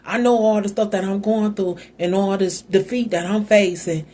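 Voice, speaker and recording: A woman's voice: mid-range voice, steady tone, normal speed, mellow, slight background noise, close to an everyday voice. A woman voicing a boastful, scheming older father-in-law who accuses his son-in-law in street-style talk. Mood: accusing.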